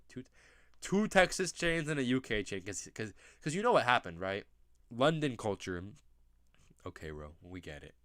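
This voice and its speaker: Profane, ranting young man, low voice. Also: no room sound, clean studio sound. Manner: profane, rambling, sarcastic rants; sudden loud outbursts. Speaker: commentary video host. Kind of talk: casual commentary reacting to pictures.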